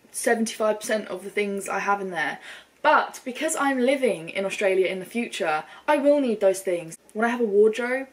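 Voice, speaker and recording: A young woman from the UK, a travel vlogger chatting to camera in an upbeat, casual way, full of likes and fillers. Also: mid-range voice. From United Kingdom. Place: outdoors in the sun, later indoors.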